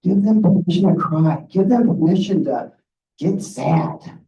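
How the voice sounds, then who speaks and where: A man's voice: high-pitched, animated, a little slow, vocal fry, dark tone, slight background noise. Earnest middle-aged man, distant and roomy. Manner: earnest, direct, frequent "okay?". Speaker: guest speaker on grief. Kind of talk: presentation with slides. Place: meeting room. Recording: roomy, distant, muffled room audio.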